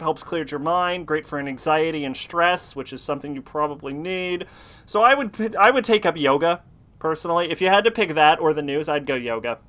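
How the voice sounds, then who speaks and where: A man's voice: a little high, pushed and bright. A man streaming a game, chatting casually and reading in-game emails aloud with offhand, profane humor. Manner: offhand, swearing, reads emails in a half-abandoned Russian accent.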